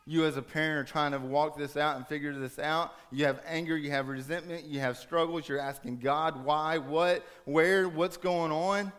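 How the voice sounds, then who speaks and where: A man preaching a sermon, telling a story dramatically, rising to urgent raised passages and dropping to hushed soft ones. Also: mid-range voice, clear, resonant tone.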